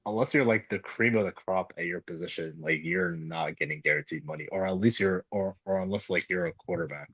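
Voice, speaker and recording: A man talking casually on a sports podcast, halting and full of fillers. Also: deep voice, a bit bright, slightly rough, highs cut off. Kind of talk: casual chat.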